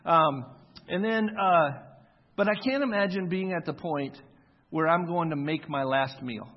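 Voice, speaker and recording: Husky-voiced pastor in an echoey hall. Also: male voice, a little high, a little slow. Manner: conversational storytelling, acts out quoted voices. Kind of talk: sermon. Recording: echoey hall, dull lo-fi sound.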